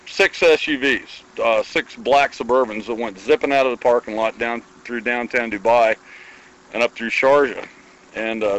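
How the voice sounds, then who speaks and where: A man from Iowa spins a long anecdote in a relaxed, folksy way, jumping into the voices of the people in his story. His voice sits in an ordinary, mid-range pitch for a man. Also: rough recording. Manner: folksy, animated storytelling with quoted dialogue. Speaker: guest storyteller. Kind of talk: casual anecdote telling.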